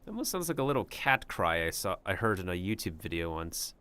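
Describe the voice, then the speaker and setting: A man's voice: low voice, big pitch swings, fairly quick, sharp tone, smooth. A man doing casual gameplay commentary on a livestream, rambling and joking with his chat. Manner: rambling and jokey, talks to his chat and slips in joke drawls.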